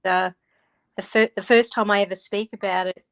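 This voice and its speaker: Speaking at normal speed with a fairly bright, medium-pitched voice and fairly even intonation, an Australian author chats casually as a video-call guest. She laughs often and restarts words as she talks.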